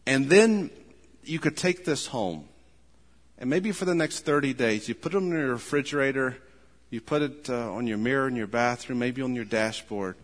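A man's voice: medium pitch, expressive, moderate pace. Fervent male pastor in a reverberant hall. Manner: builds to fervent emphatic peaks, then drops quiet. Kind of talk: sermon. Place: church.

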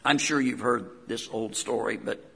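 A man's voice: mid-range voice, moderate pace, creaky, bright, forceful tone, slightly rough, long reverb tail. An older man with a West Virginia accent, a pastor preaching a sermon in a folksy storytelling way with homespun asides.

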